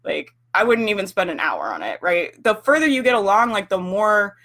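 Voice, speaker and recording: A woman's voice: mid-range voice, sing-song, normal speed, fairly bright tone. Frank, swearing woman on a livestream. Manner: frank, swears freely, lots of filler "like". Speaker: livestream host coaching business owners. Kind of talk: casual livestream talk.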